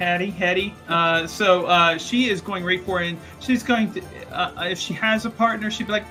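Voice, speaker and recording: A woman's voice: fairly low pitch, fairly even intonation, moderate pace, bright, forceful tone, soft background music. A woman player in a tabletop role-play session who acts out her character's lines in a sweet, coaxing voice.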